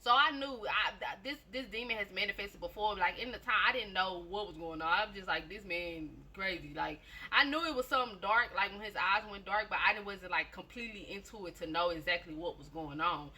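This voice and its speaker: Woman, personal testimony, casual storytelling, repeats herself, talks to listeners, bright forceful voice. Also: mid-range voice, brisk, few pauses. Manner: chatty storytelling, repeats phrases, addresses listeners directly. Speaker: testimony speaker.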